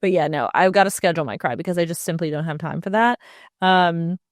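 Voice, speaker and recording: A woman chats her way through a solo podcast, animated and quick to laugh. Her voice sits a little low, and the close, dry mic leaves no room sound. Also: no echo. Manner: chatty and animated, laughs often, jokey asides. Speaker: podcast host. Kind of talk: casual solo podcast chat.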